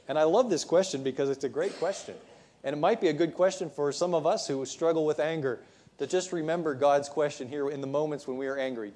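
A man's voice: on the high side, fast, a little mellow. A male preacher giving a sermon, retelling the story conversationally with frequent restarts.

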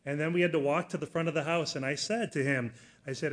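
A middle-aged man preaches in an earnest storytelling voice that sits a little high for a man. He builds from steady explanation to loud, emphatic moments as he drives home his points. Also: quick pace. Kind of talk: sermon with personal story.

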